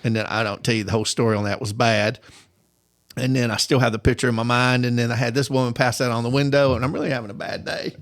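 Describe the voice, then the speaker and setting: A man's voice: medium pitch, little pitch movement, fast. A man telling work stories in a casual chat, acting out quoted voices and laughing often. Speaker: appliance technician telling stories.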